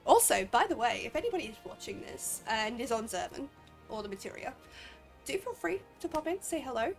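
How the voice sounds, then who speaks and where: A woman's voice: a little high, very animated, a little fast. A woman with an Australian accent chatting casually while streaming a game, sniffly and a bit drowsy, rambling and laughing often. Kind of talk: casual gameplay commentary. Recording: faint game music behind.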